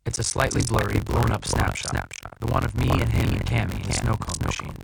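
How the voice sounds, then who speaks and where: A man narrating an audiobook in first person, with a measured, tense, dramatic reading. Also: fairly low pitch, vocal fry. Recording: loud background hiss.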